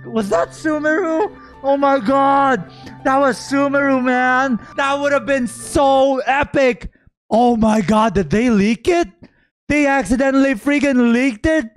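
A young man from the Philippines reacting live to a game stream, exclaiming, shouting and swearing as his voice cracks. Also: very high voice, a little slow, faint music behind. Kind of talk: excited live reaction commentary.

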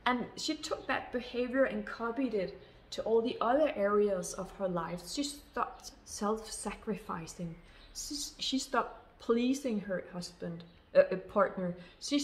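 A woman speaking as a love coach, giving an earnest spoken monologue of advice to women. She talks emphatically, repeating her phrases and calling her listeners sisters. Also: mid-range voice.

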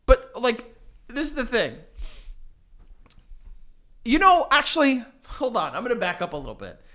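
Podcast co-host, male, high bouncy voice, goofy banter. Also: moderate pace. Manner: jokey, animated, slips into silly voices. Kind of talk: casual banter.

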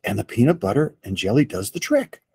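A cheerful town mayor makes a pleased declaration, voiced by a man reading a picture book. The voice is a touch husky and the take is dry. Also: lowish voice, very animated, brisk, mellow, no echo, full character voice. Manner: declaring, upbeat.

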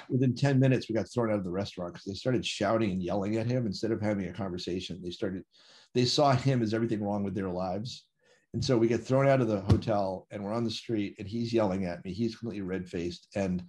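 A man telling a personal story in a relaxed, anecdotal way, acting out the dialogue of the people in it. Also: lowish voice. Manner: vivid anecdotal storytelling, acts out dialogue with quoted voices. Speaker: interview guest. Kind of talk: casual storytelling.

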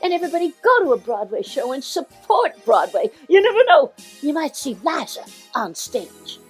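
A woman voicing a scatterbrained older showbiz diva in a comic impression, talking in an excitable, rambling, gushing way. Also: sits high, moderate pace, faint music behind. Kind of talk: comic celebrity impression monologue.

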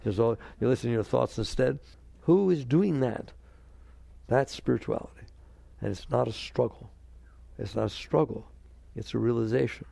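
A man giving a spiritual talk to an audience. He is animated, keeps asking his listeners questions, and acts out the inner voices he quotes. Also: mid-range voice, moderate pace, gravelly, long pauses, no room sound. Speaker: spiritual teacher.

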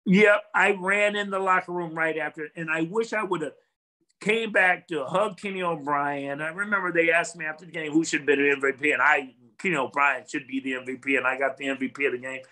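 A man's voice: a little high, fairly even intonation, a little fast, bright, forceful tone, low-quality recording. Reflective older man recalling games. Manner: earnest, reflective, rambling with restarts. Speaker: former football player, guest. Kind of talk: casual interview chat.

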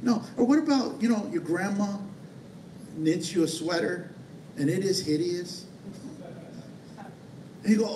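A man's voice: sits high, a little slow, pauses often, darkish tone, a little hiss or hum. A man pastor, preaching a sermon in a conversational way with playful asides. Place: church sanctuary. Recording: echoey church hall from far off.

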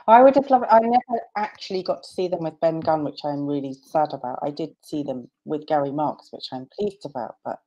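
A woman with a notably low voice talks as a guest author. She rambles with eager enthusiasm and drops casual slang into easy conversation. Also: brisk, warm tone, muffled recording. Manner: enthusiastic, chatty, British slang. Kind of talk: casual chat.

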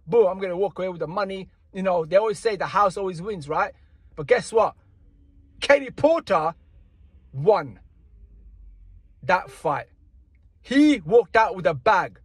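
A man rants in casual boxing commentary with a high, husky, slightly bright voice, sounding indignant and slangy. He keeps circling back to the same points, and the recording is dry and close with no room sound.

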